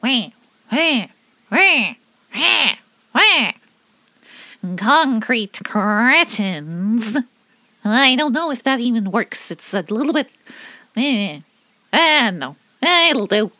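A woman puts on a dim-witted idiot who whines and blusters, then trails off unsure. The tone is bright and sharp and the pace slow. It is recorded dry, right on the mic. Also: on the high side, big pitch swings, dry recording, heavily acted. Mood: blustering.

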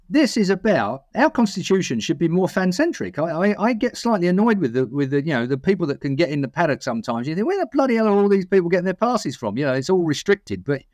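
A man's voice: fairly high pitch, sing-song, a little fast, darkish tone, no room sound. Opinionated British man, dry close sound. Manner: opinionated, rambling storyteller. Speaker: podcast co-host. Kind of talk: casual chat.

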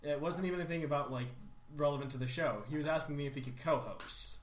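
A man's voice: a little high, fast. A man hosting a casual podcast with friends, reading listener emails aloud in a mock-formal tone. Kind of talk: casual chat. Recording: echoey room, faint noise.

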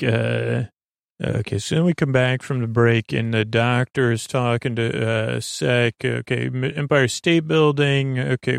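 Gravelly man rambling a sleepy recap. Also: medium pitch, no echo, studio quality. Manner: meandering, full of uh and like, restarts. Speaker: podcast host.

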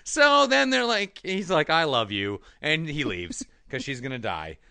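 A man with a bright, forward voice tells a movie plot in a casual chat, pitch swinging widely as he laughs. He recorded close and dry, with little room sound. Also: vocal fry, smooth, no echo. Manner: animated, laughing often, quick flat quoted lines.

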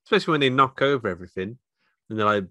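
A man's voice: medium pitch, animated, very fast, sharp tone, no room sound. A man, co-hosting a casual podcast chat, speaking hesitantly with many fillers. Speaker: podcast co-host.

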